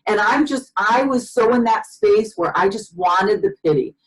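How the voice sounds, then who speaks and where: A woman's voice: mid-range voice, moderate pace, rough recording. A woman hosting a podcast, telling stories in a chatty way full of fillers and restarts. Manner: animated storyteller, many fillers and restarts. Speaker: podcast host. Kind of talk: casual conversation.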